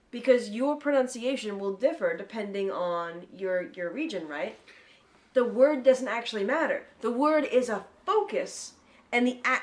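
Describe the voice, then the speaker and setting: A woman co-hosting a podcast in casual chat. She is lively and swears freely, and she explains things at length. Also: on the high side. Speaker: podcast co-host.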